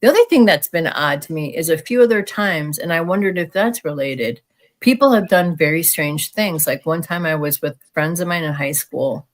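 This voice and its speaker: Woman from the american midwest, casual guest storytelling, lowish voice, animated and frank, acts out quotes. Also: moderate pace. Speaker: guest sharing alien encounter experiences.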